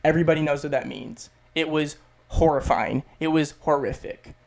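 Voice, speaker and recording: A man's voice: a little high, fairly even intonation, normal speed, gravelly, a little mellow. A young American man explaining English words in a casual vlog, emphatic and repetitive, swearing freely. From United States. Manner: emphatic, swears freely, repeats phrases for stress. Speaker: YouTube English teacher.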